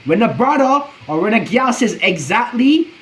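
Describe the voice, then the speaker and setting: A man's voice: very high voice, very animated, normal speed, low-quality recording. A man streaming his reaction to a video, talking in a rambling, profane, slang-heavy way. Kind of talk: casual reaction commentary.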